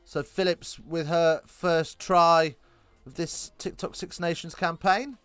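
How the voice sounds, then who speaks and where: A man calling a live rugby game, chatty and self-correcting, lifting into excited bursts on big plays. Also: fairly high pitch, takes it slowly, clean tone, no echo, soft background music. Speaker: rugby commentator. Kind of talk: live alternative play-by-play commentary.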